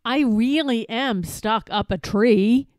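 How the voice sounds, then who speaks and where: Brief: a high, calling prankster elephant, read by a woman in a picture book. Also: slow, darkish tone, no echo, studio quality. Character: mischievous male elephant cousin, prankster.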